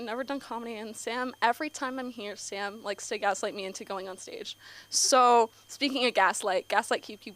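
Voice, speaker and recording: A woman's voice: on the high side, a bit bright. A teenage girl doing a nervous, rambling open mic stand-up set on a comedy club stage, full of fillers and giggles. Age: teens.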